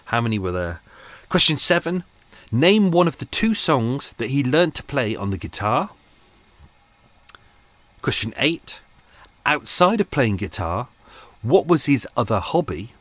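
A man's voice: medium pitch, fairly bright tone, no echo. A male podcast host with a British accent, chatting casually and mocking himself, sometimes drifting from the mic as he moves around his home. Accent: British English. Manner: chatty, self-mocking, rambling asides. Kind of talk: casual chat. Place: home studio.

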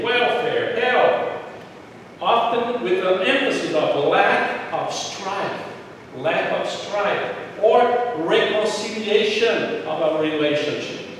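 A man's voice: high-pitched, fairly bright tone. A man preaching a sermon as pastor, earnest, often repeating phrases and restarting sentences. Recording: echoey hall, distant mic, faint noise.

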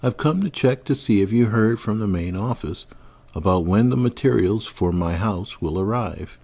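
Male narrator doing a proud carpenter husband, earnest, polite, husky low voice. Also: expressive, moderate pace, mellow, full character voice. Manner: polite, pleading, growing desperate.

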